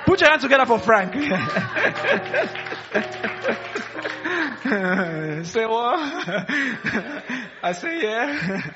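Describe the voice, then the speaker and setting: A man's voice: extremely high pitch, very animated, drawn-out words, highs cut off. A man preaching a sermon in a church, playfully quizzing the congregation and laughing with them. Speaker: pastor. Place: church hall.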